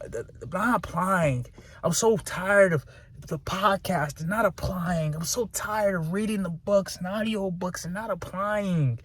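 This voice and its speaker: A man's voice: a little high, dry recording. A man, venting in a candid, self-critical, profane rant to his viewers. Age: 20s. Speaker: vlogger.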